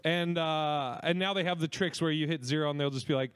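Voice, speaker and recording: High-voiced man ranting profanely. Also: fairly quick, a bit bright, clear, resonant tone. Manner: profane, rambling, stumbling over words. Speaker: podcast co-host. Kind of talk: casual comedic rant.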